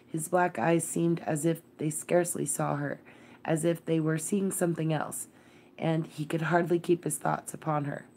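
A woman narrating a classic novel as a gentle, measured bedtime read-aloud. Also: deep voice, little pitch movement. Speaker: storyteller.

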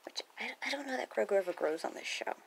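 Speaking fast in a medium-pitched, creaky voice, a woman reads a picture book aloud and chats between pages, often laughing and gasping and giving the characters lively voices. There's a little hiss or hum in the audio.

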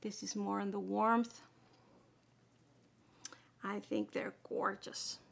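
A woman's voice: medium pitch, flat delivery, takes it slowly, vocal fry. A woman chatting casually through a makeup tutorial, explaining each step as she applies it. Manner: chatty, explaining steps while applying makeup. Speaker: beauty vlogger.

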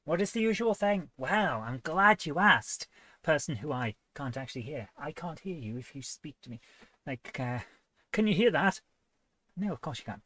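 A woman's voice: low-pitched, very animated, normal speed, husky, no echo. A woman hosting a live game coding stream, chatty and playful, often joking at her own expense. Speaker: host.

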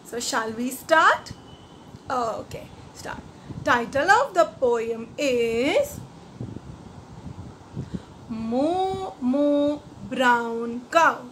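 A woman's voice: sits high, animated, fairly bright tone, a little hiss or hum. A woman teacher with an Indian English accent, coaxing young children with questions and teaching them a nursery rhyme. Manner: slow, sing-song, coaxing questions to children.

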